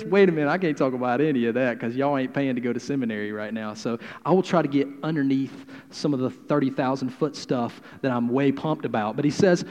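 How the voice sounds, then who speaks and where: A man preaching a sermon, swinging from hushed, quiet passages to loud, emphatic declarations. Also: a little high, fast, hardly any pauses. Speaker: pastor. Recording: long hall reverb.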